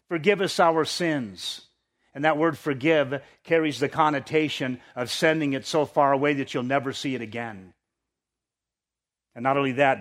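A man preaching a sermon, reading scripture with rising intensity and dropping to quiet asides, often repeating words as he restarts. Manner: preaching, rises in pitch and force when reading scripture, drops low for asides. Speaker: pastor.

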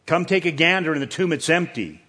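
A man's voice: fairly high pitch, brisk, bright, forceful tone. A man preaching a sermon in a church, earnest and repeating words for emphasis. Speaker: pastor. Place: church with screens.

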